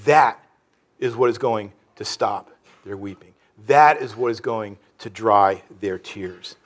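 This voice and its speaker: A man preaching a sermon in an earnest, halting way, with many restarts and fillers. He drops low and soft on sorrowful phrases. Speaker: pastor.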